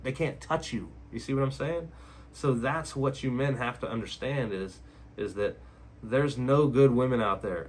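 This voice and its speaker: A man giving blunt relationship advice in a casual monologue, repeating himself and asking rhetorical questions. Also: medium pitch. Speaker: relationship advice video host.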